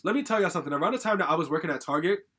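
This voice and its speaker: Fast-talking young man venting a story. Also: a little high, animated, fairly bright tone, slightly rough. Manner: rambling, heavy on "like" fillers and swearing; agitated, venting. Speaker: storytime vlogger. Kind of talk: casual storytime monologue.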